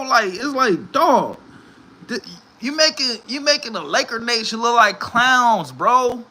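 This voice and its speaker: A man giving a profane, animated sports rant from home in a casual vlog, swearing and laughing often. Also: very high-pitched, measured pace. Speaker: vlogger. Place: home room.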